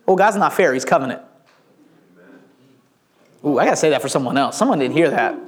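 A middle-aged male pastor preaching a sermon, telling the story in a lively way and acting out the voices. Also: on the high side, fairly quick. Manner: animated storytelling, acts out voices.

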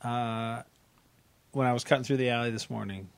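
A man's voice: medium pitch, steady tone, moderate pace, gravelly, clean tone, no room sound. Laughing man telling a school story. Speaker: podcast host. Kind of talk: casual storytelling chat.

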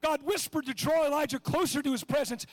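A middle-aged man preaching a sermon with passion, swinging between shouts and hushed asides. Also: extremely high pitch, fairly even intonation, fairly quick, no echo.

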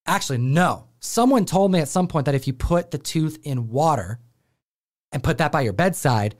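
Telling a family story on the comic book show he hosts, this man from Buffalo, New York, animatedly performs the voices of his relatives in casual chat. His voice is fairly high-pitched and moderately paced.

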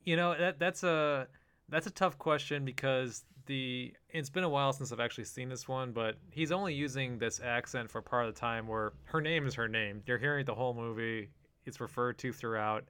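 A man's voice: medium pitch, fairly quick, bright, forceful tone, clean tone. Easygoing man laughing through a podcast chat. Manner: easygoing, laughs often, many "you know" fillers. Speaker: podcast co-host. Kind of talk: casual chat.

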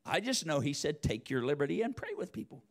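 A preacher telling a personal story in a church sermon, acting out both sides of the conversations. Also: male voice, a little high, fast talker, gravelly. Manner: animated, acts out both sides of dialogue. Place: church sanctuary.

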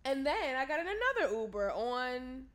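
A woman casually telling a story, animated, acting out quotes, swearing freely. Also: high voice, normal speed.

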